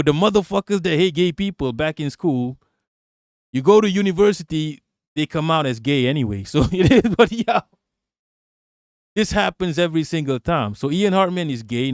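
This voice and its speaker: A man's voice: fairly high pitch, no room sound, studio quality. Profane, rambling male streamer. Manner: profane, rambling, blunt, talks straight to chat; laughs often between remarks. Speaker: live streamer reading chat. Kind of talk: live-stream political commentary.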